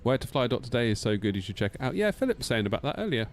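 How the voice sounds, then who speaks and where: A man's voice: medium pitch, big pitch swings, rapid-fire, faint music behind. A man streaming a flight sim, chatting casually, teasing himself and answering chat aloud. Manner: chatty, self-mocking, reads chat aloud.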